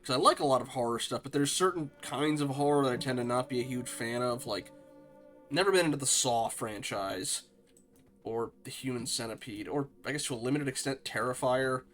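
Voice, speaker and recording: A man's voice: mid-range voice, fairly quick, fairly bright tone, soft background music. A man giving casual, chatty commentary while streaming a game, with self-deprecating asides.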